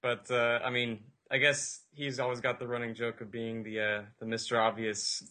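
A man's voice: mid-range voice, little pitch movement, moderate pace, sharp tone. A man chatting casually as a podcast co-host, laughing as he tells stories. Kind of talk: casual roundtable chat.

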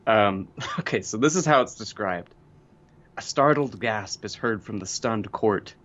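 A man's voice: lowish voice, lively intonation, a little slow, fairly bright tone. Easygoing man on a dull podcast line. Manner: easygoing, laughing. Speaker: podcast co-host. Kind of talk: casual podcast chat.

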